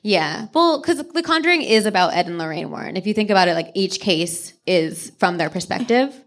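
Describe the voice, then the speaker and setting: A woman co-hosting a podcast live on stage, retelling a true ghost story with lively asides and quick character voices. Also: medium pitch. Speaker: podcast co-host. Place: on stage before a live audience.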